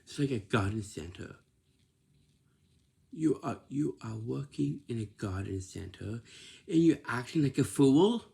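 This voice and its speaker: A vlogger delivers a casual monologue of workplace advice in a slow, husky, fairly low voice that is soft and mellow yet lively in intonation. He repeats himself and scolds gently, often tossing in "right?" to make sure listeners follow.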